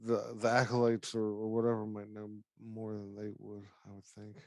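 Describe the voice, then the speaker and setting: A man's voice: lowish voice, completely flat delivery, normal speed, darkish tone, dry recording, clean studio sound. A man playing in a tabletop game, thinking aloud in a tentative, casual way. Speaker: player.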